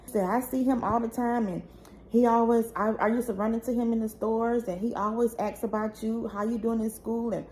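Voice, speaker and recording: A woman's voice: a little high, steady tone, brisk, a little mellow, slight background noise. A young woman, telling her own painful family story in a raw, tearful, pleading way that rises when she gets upset. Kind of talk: emotional personal storytelling.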